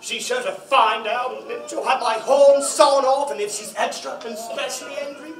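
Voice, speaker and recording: A man's voice: very high-pitched, fairly even intonation, moderate pace, creaky, fairly bright tone, full character voice. A man playing a nervous, fussy, guilt-ridden male faun in a live stage play, stammering and exclaiming often. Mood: remorseful. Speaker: stage actor. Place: library hall before an audience. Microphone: far camera. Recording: echoey hall from far off.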